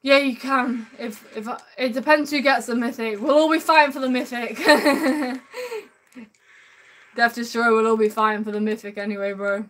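A woman streaming a game live, upbeat and chatty with her viewers. Her voice sits a little high, and she often calls the chat man or bro. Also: steady tone, fairly quick, few pauses, a bit bright. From United Kingdom.

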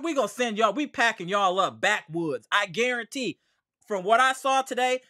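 Bright-voiced ranting sports fan host. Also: male voice, high voice. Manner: animated, ranting, slangy. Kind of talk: live fan reaction stream.

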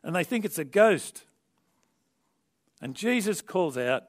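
A man preaching a sermon in an animated storytelling manner, with conversational asides to the congregation and big swings between quiet and loud emphasis. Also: high voice, slow pace, pauses often.

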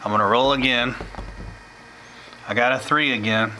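A man teaching a step-by-step tutorial, explaining slowly and plainly with small joking asides. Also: mid-range voice, steady tone, background noise.

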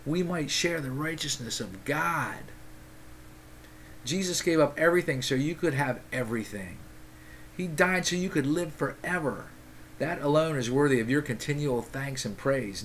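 A man's voice: medium pitch, fairly bright tone. A man reads from a devotional book in a mid-range voice, stopping often to add his own commentary. His manner is earnest and informal, with frequent "okay?" check-ins and bursts of fired-up asides. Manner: earnest, breaks into fired-up tangents and quick apologies. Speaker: devotional reader and lay preacher.

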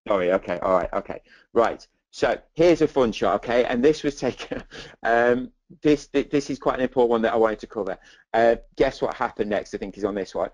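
A man's voice: medium pitch, brisk, darkish tone, dry recording, poor audio. A man teaching dog photography in a webinar, chatty and enthusiastic, with many asides like "okay". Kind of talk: presenting slides in a webinar.

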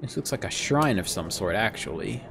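A man streaming a game, rambling chattily about it and now and then jumping into squeaky joke voices. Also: expressive, normal speed, creaky, noisy background. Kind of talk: casual gameplay commentary.

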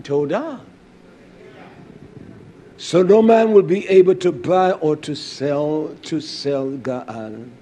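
A male preacher giving a sermon with Hebrew terms, swinging from low murmurs to loud declaiming. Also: slight background noise.

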